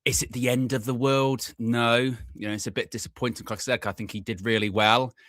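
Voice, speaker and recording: A man hosting a live football watchalong, chatty and excitable, laughing often as he runs through team news. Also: medium pitch, fairly quick, dry recording. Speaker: fan channel host.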